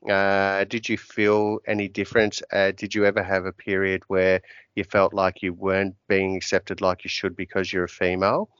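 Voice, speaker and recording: A man's voice: low voice, monotone, moderate pace, fairly bright tone, clear, resonant tone, dry recording, muffled recording. A man hosting a podcast interview, asking long, rambling questions. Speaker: podcast host.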